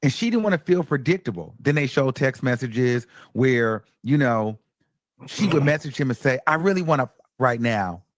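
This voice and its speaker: A man hosting a casual live stream, recapping a court case with animated storytelling and acting out quotes, chatting with his viewers. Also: medium pitch, moderate pace, no echo. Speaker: host of a live commentary stream.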